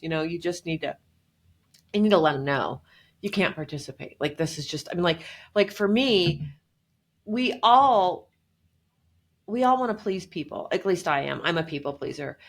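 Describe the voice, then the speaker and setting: A woman speaking as a guest on a podcast, talking earnestly and warmly in a casual way, often acting out what people say. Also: on the low side, lively intonation, moderate pace. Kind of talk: casual conversational interview.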